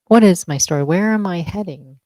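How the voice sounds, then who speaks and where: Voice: mid-range voice, fairly quick, warm tone, no room sound. An interviewer asking thoughtful questions in a conversation about spiritual teaching, working each question out aloud.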